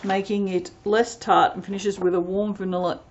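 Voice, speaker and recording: A woman's voice: medium pitch, little pitch movement, moderate pace, highs cut off, slight background noise. A woman chatting casually as she reviews soap fragrances, rambling and reading product blurbs aloud. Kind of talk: casual unboxing chat.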